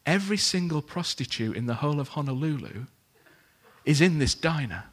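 A man preaching a sermon, telling a story in a lively way and acting out the characters' lines. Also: fairly high pitch, brisk.

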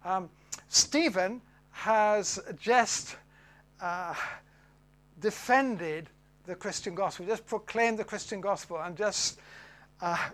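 A man's voice: sits high, a bit bright. A man giving a Bible teaching talk, hesitant with many fillers, his voice falling away at the end of phrases.

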